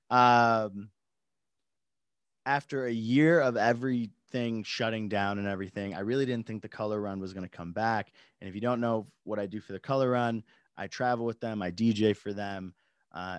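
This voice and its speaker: A man's voice: mid-range voice, dry recording. A young man hosting a casual live stream from his home studio, laid-back, laughing often and swearing freely. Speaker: podcast host.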